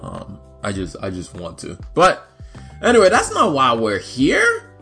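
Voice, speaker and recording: A man's voice: mid-range voice, wildly swooping pitch, measured pace, creaky, bright, forceful tone, breathy edge, faint music behind. A young man hosting a casual solo podcast, chatty and rambling. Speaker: podcast host.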